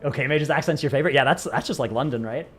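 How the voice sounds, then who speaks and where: A man's voice: medium pitch, rapid-fire, a bit bright, faint music behind. A man from the United States, chatting casually on a live stream, rambling and joking at his own expense. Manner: rambling, self-mocking, joking. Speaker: streamer answering chat.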